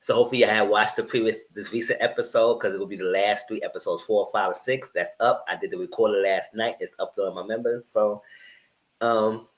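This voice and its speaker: A man giving casual, animated commentary on reality TV, voice only, speaking straight to his viewers in slangy talk. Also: on the low side, fairly quick, rough recording. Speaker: TV review host. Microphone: voice only, no camera.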